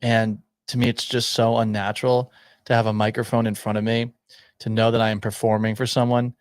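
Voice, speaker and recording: A male sports radio host with a sore throat, speaking in a subdued, near-monotone way with dry humor in a studio. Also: lowish voice, brisk, clean tone, no room sound. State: sore throat, swollen tonsils. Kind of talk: sports talk radio monologue.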